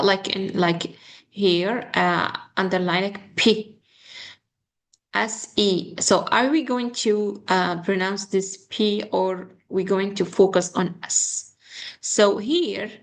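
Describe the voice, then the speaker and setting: A young woman teaching an online English pronunciation lesson. She halts often with fillers and slowly repeats words as models. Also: mid-range voice.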